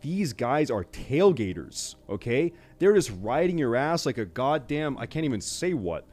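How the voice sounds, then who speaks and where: A young man streaming, ranting casually and profanely to his chat, exasperated and often loud. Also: mid-range voice, very animated, moderate pace.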